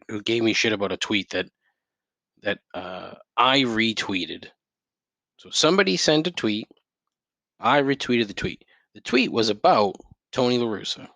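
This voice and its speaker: Solo podcast host, man, low voice, profane and rambling, rants at home on a dry close mic. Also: a bit bright, no room sound. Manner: profane, rambling, with frequent restarts and outbursts.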